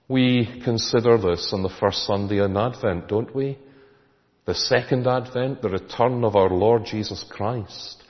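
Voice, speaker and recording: A man's voice: mid-range voice, moderate pace. A man preaching a sermon, emphatic and full of rhetorical questions to the congregation. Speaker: pastor. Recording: echoey hall, dull lo-fi sound.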